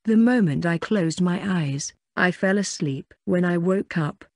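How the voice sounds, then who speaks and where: Low-voiced woman reading an audiobook. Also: a little slow, darkish tone, dry recording. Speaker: audiobook narrator. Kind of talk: first-person audiobook narration.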